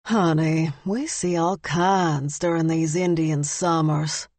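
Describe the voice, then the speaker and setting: A woman voicing a sassy, bossy older woman who runs a campground, with a slow drawl, in an audiobook. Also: sits low, steady tone, darkish tone, no echo. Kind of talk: audiobook character voice.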